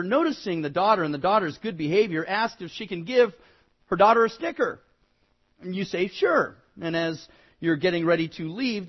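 A man preaches a relaxed, conversational sermon in a church and jokes with the people in the pews. His voice sits a little high. The recording is dull and lo-fi. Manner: folksy, joking with the congregation, fillers and repeats. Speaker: pastor.

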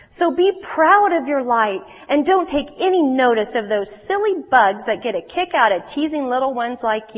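A woman's voice: on the high side, big-room sound, muffled recording. A woman doing a kind, wise cat. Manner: gentle, reassuring.

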